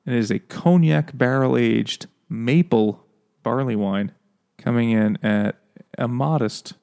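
A man's voice: medium pitch, measured pace, vocal fry, darkish tone. Man riffing sarcastically between laughs. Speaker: podcast co-host. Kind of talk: casual chat.

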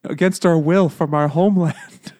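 A man's voice: a little high, fairly even intonation, normal speed, dark tone, pitched above the performer's own voice, natural voice. A man putting on a pleading little gnome.

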